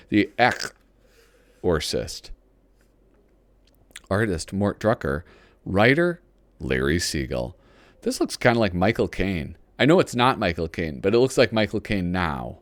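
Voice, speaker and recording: Host, male, low and lively voice; loose, self-mocking magazine commentary, dry close sound. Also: slow, pauses often, no room sound. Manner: rambling and self-deprecating, reads lines aloud. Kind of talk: casual commentary while paging through a magazine.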